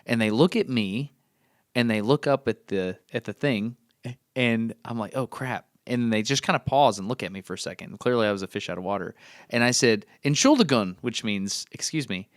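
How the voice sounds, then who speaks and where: A man's voice: lowish voice, fairly quick, no echo, studio quality. An American man co-hosting a podcast, telling stories in a casual chat and laughing often. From United States. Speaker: podcast co-host.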